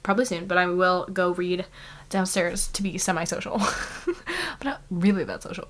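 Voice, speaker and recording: A young woman talks casually to her camera about books. She gushes and gets excited easily, swears lightly, and leans on "like" as she goes. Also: fairly low pitch, normal speed, slight background noise. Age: young adult. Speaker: book vlogger. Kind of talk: casual vlog chat.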